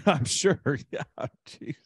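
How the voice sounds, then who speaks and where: A man's voice: on the high side, very animated, extremely slow, vocal fry, slightly rough, no room sound, studio quality. A man hosting a casual interview, reacting with jokes. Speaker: show host.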